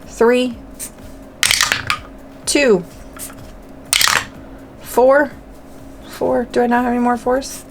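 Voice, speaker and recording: A woman's voice: fairly high pitch, level tone, extremely slow, long pauses, very noisy. A woman hosting a budgeting channel, chatting casually to camera while playing a dice game, talking to herself and counting aloud.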